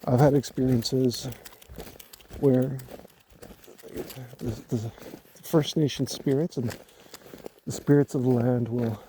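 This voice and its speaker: A man from Canada talking casually to his phone in the woods at night, halting and musing as he repeats words while gathering his thoughts. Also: medium pitch, mellow, a little hiss or hum. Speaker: vlogger. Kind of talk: casual rambling talk to camera. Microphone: handheld phone.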